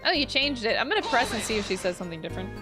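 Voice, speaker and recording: A woman's voice: fairly high pitch, big pitch swings, very fast, over music. A woman streamer chatting casually and swearing while playing a courtroom game, reading lines aloud. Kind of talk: casual gameplay commentary.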